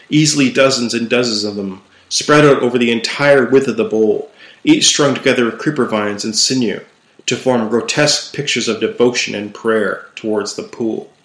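Young guy narrating dark fantasy, low voice, slow dramatic reading, echoey room. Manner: measured, dramatic storytelling. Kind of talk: first-person horror fantasy narration. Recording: roomy echo.

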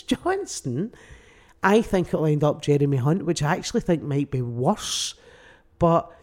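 A man, a stand-up comedian, talking casually and rambling with lively energy as a podcast guest. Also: high-pitched. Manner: animated, rambling, mimics people mid-story.

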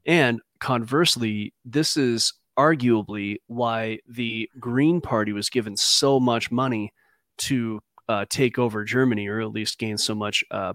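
A man from the United States chats casually as a podcast guest, loose and conversational with frequent fillers. His voice sits at an ordinary pitch and the sound is dry and close, with no room echo. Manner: relaxed, conversational, uses fillers like "you know" and "dude". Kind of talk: casual chat.

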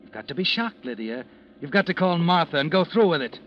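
A sly narrator of an old radio mystery, played by a man, murmuring to the heroine as if he knows her every thought. His voice sits a little high for a man and comes through a dull old broadcast recording with music playing underneath. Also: expressive, a little fast, natural voice. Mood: insinuating. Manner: insinuating, knowing, addresses the listener as you. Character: sly, all-seeing male narrator of a mystery show. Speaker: narrator speaking to the heroine in second person. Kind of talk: 1940s radio drama narration.

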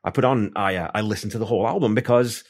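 A man's voice: on the low side, quick pace. A man hosting an interview, chatty and enthusiastic, rambling through his thoughts with restarts. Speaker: podcast host. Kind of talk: casual interview chat.

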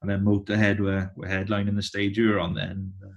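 A man in his thirties with a lowish voice chats casually as a guest. He rambles and repeats himself, circling back through his stories. The delivery is relaxed and conversational. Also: creaky, dull audio. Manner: rambling, halting, many restarts. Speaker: touring musician, guest.

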